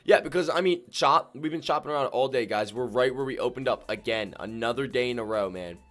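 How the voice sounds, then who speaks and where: A man streaming his day trading live, slangy and excitable, swinging between calm muttering and loud whoops as he talks to his viewers. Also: medium pitch, fairly quick. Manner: slangy, keeps addressing viewers as ladies and gentlemen.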